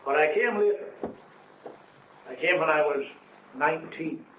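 A man's voice: a little high, a little slow, a bit bright. A middle-aged man preaching a sermon, telling his own story earnestly with preacherly emphasis. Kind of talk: sermon testimony. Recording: echoey room, distant mic, faint noise.

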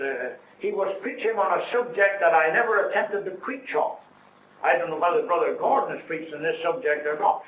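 A man's voice: a little high, fairly bright tone. A middle-aged man preaching a sermon, telling his own story earnestly with preacherly emphasis. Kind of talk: sermon testimony. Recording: echoey room, distant mic, faint noise.

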